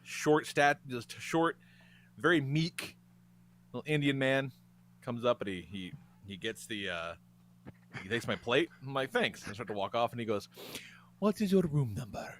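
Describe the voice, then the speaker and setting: A man's voice: medium pitch, normal speed, pauses often, a little hiss or hum. A man hosting a podcast and telling a story in casual chat, swearing often, laughing and acting out the other people's lines. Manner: animated, laughing, swearing, acts out quotes. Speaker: podcast host.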